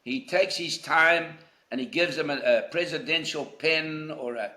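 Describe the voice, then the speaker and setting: A man's voice: a little high, a little slow, pushed and bright, reverberant. An older man from South Africa, a golf legend being interviewed, telling anecdotes in a reflective, emphatic way. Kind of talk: conversational interview.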